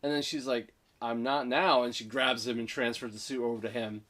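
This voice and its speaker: A man co-hosting a casual movie review, eagerly retelling scenes and acting out the characters' lines. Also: mid-range voice. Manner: excited retelling, acting out lines with quick voice switches.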